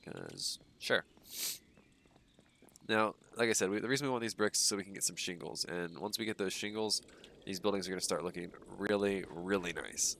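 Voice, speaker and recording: Live commentary comes from a young gaming streamer whose nose is stuffy. His voice is low-pitched and creaky at a moderate pace, with a little hiss or hum, and he rambles casually, full of ums and uhs.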